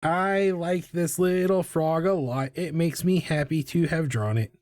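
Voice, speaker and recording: A talkative streamer in their thirties rambles through a drawing session, trips over repeated words and leans on "like" between thoughts. The voice sits at a middle pitch and is recorded close and dry, with almost no room sound. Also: a little slow, a little mellow, no room sound. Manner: chatty and self-deprecating, many fillers and repeated words, hums and laughs. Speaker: live-streaming artist. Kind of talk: rambling casual chat while drawing.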